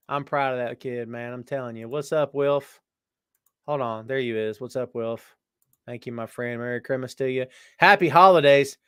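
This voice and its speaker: A man's voice: smooth, no echo, clean studio sound. A man hosting a casual live-stream show, greeting viewers from the chat by name and calling them brother and my friend. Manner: jumps between loud exclamations and low asides. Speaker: podcast host reading live chat.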